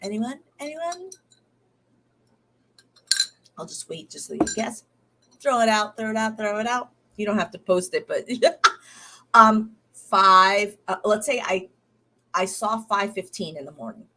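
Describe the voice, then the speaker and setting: A woman's voice: medium pitch, moderate pace, bright, forceful tone, slight background noise. A woman in her thirties chatting casually diary-style, rambling with many fillers and restarts, tired and recovering from illness. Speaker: podcast host.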